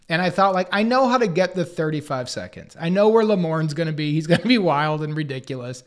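A man in his forties tells stories in a loose, chatty interview. He jumps into other people's voices as he goes, animated and quick to rise in pitch. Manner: animated, acts out others' lines in quotes. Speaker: podcast co-host and guest. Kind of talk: casual storytelling chat.

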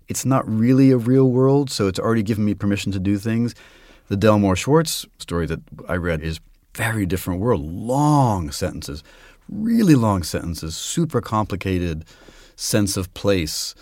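Low-voiced man talking about acting. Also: lively intonation, moderate pace, darkish tone, no echo, clean studio sound. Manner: reflective, explains his craft with spoken examples. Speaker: actor and guest. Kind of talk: conversational interview.

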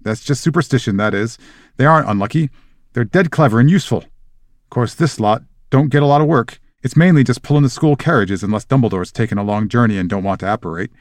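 Hagrid-type big soft-hearted giant guy , a man reading him, folksy and proud, talks in a pretty middle-range pitch, super dry sound. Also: fast talker, no room sound, close to an everyday voice. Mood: proud, patient. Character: big gentle male half-giant teacher, proud, patient.

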